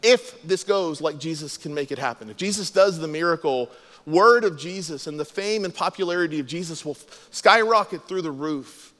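A man's voice: fairly high pitch, lively intonation, normal speed, a bit bright, in a large hall. A man preaching a sermon as a pastor, explaining scripture and acting out the quoted lines.

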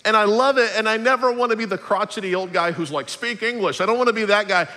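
A pastor, preaching an upbeat, jokey sermon. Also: male voice, sits high, quick pace, bright, forceful tone, in a large hall. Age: 40s.

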